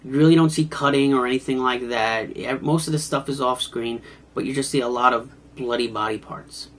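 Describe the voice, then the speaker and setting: A man's voice: mid-range voice, a little fast, slight background noise. A man giving a casual video review of an old horror film, with a wry, mocking manner. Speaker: movie reviewer.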